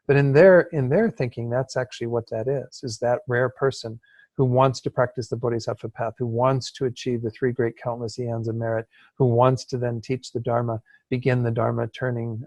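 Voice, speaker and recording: Relaxed man teaching an online class. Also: medium pitch, no room sound. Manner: relaxed, explanatory, with frequent fillers and laughs. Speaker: Buddhist study teacher. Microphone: video call.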